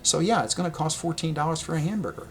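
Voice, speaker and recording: A man casually telling a personal travel story, rambling and correcting himself, laughing often and getting animated when he quotes people. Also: a little high, fast talker, slight background noise. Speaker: vlogger.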